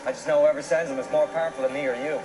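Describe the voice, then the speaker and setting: A man's voice: a little high, fairly even intonation, very fast, noisy background, close to an everyday voice. An actor with an Irish accent playing a wry, rambling half-human man who gets visions, in a TV drama. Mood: earnest. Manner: chatty, offhand and rambling. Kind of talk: TV drama acting. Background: show soundtrack music.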